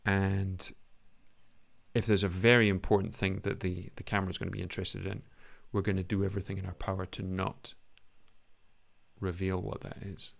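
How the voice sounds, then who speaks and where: A British man, an acting coach, critiquing a student's scene with animated, emphatic talk and acted-out examples. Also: low-pitched, normal speed, gravelly. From Britain. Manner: animated, emphatic, demonstrates lines.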